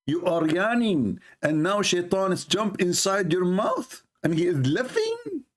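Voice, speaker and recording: Guy ranting sarcastically about religion, kinda high voice, swings all over, mocking tone. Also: very animated, unhurried. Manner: mocking, scornful, rhetorical questions. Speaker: religious debater. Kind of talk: sarcastic monologue.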